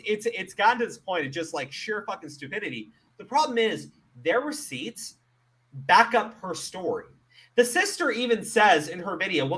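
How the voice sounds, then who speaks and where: High animated guy ranting, swearing constantly, super exasperated. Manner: profane, exasperated, emphatic ranting. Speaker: commentary show host. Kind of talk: ranting commentary.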